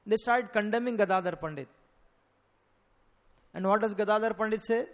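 A man's voice: sits high, normal speed. A man giving a devotional scripture lecture, telling stories earnestly and stressing key words. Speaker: preacher. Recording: long hall reverb.

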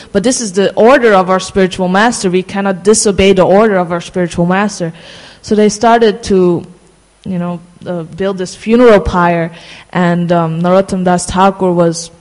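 A speaker casually telling a devotional story, halting often and slowing down for emphasis. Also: medium pitch, steady tone, darkish tone, in a large hall, rough recording. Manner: halting, many fillers and restarts, slows for emphasis.

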